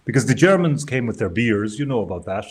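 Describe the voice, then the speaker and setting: A man's voice: mid-range voice, sing-song, fast, slightly rough. Chatty man co-hosting a live stream. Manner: chatty, storytelling, wry asides. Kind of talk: casual live-stream chat.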